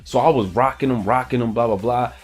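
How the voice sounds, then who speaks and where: A young man tells a personal story on his vlog, loose, slangy and full of profanity. His voice sits at an average male pitch, and faint music plays quietly behind him. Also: brisk, husky. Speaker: vlogger. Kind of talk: casual storytelling.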